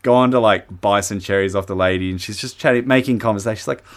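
A rambling podcast co-host who tells his stories in a relaxed, chatty way and laughs often. His voice sits fairly low. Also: fast talker. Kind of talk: casual storytelling chat.

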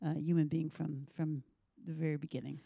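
A woman's voice: deep voice, flat delivery, fairly quick, creaky, mellow, husky, no room sound, studio quality. An older woman, a guest mother, telling family stories in a thoughtful, hesitant way. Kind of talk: casual storytelling.

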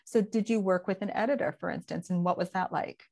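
Measured low-voiced woman host. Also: vocal fry, a little mellow. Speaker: interview host. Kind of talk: interview questions.

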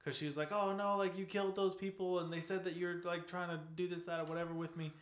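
A man's voice: high voice, level tone, quick pace, echoey room. A man in casual gaming chat, rambling as he retells scenes and acts out game characters, swearing freely.

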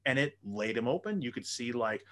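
A man spinning a story in loose podcast banter. He swears freely and keeps the energy up, jumping in and out of quoted voices. His pitch sits in the middle. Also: a little fast. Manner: profane, animated storyteller. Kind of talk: casual chat, storytelling.

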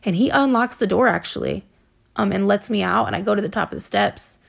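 A woman recounts her own life on her podcast in a loose, unscripted monologue. Her voice carries a steady gravelly fry, and her talk is halting, packed with fillers and blunt swearing, pitched around the middle for a woman. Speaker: podcast host. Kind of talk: personal storytelling monologue.

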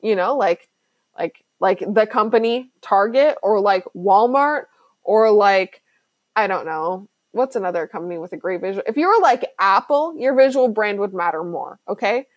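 A woman's voice: medium pitch, lively intonation, moderate pace, no room sound, lo-fi sound. A woman hosting a casual solo podcast as a business coach, chatty and emphatic, full of "like" and slang.

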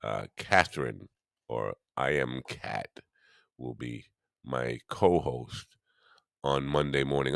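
Super low-voiced guy rambling to his stream chat, half asleep, dry close sound. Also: slow, creaky, a bit bright, dry recording. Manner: rambling, self-deprecating, talks to chat viewers. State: drowsy, half awake. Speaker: host of a morning live stream. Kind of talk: casual live-stream chat.

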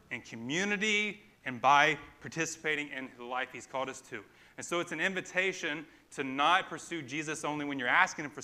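A pastor with a mid-range voice preaches a sermon in an animated, conversational style, dropping casual asides to the congregation.

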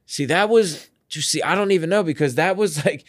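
A young man spins a rambling story, swearing and laughing all the way through, with "bro" and "dude" tacked onto nearly every line. His voice sits a little high for a man. The recording is close and dry. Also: fairly quick, dry recording. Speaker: podcast guest. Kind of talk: casual storytelling.

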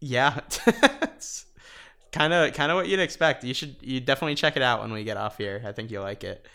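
A man co-hosting a podcast in casual chat, laughing often and filling pauses with ums. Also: mid-range voice, lively intonation, creaky, pushed and bright, clean tone. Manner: chatty, laughs often, many fillers. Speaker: podcast co-host.

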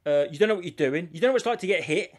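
A man co-hosting a podcast, telling stories in an animated casual chat and swearing freely. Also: on the high side, racing. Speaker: podcast co-host.

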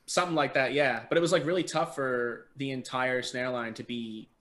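A young adult man, a podcast guest, telling stories in casual chat over a remote call, animated and swearing freely. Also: mid-range voice, moderate pace. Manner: animated, swears freely, acts out quoted people. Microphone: remote call mic.

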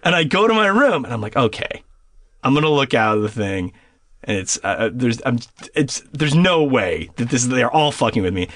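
A man in his thirties, a podcast guest, telling a story in casual chat, animated and swearing freely. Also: mid-range voice, normal speed, no echo.

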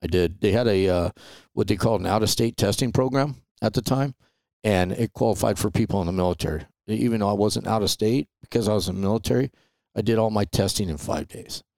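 A middle-aged man tells stories in a loose, conversational way. His voice sits on the low side, with a gravelly edge to it. The sound is dry and close, with no room around it. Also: fast, no echo. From Los Angeles. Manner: relaxed, chatty, peppers talk with "man" and "you know". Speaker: guest. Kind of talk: casual storytelling interview.

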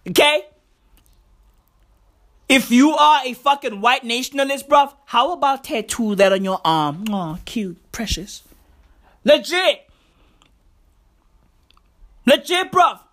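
A man ranting about the news in a profane, excitable comedic vlog, packed with slang. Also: very high-pitched. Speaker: vlogger.

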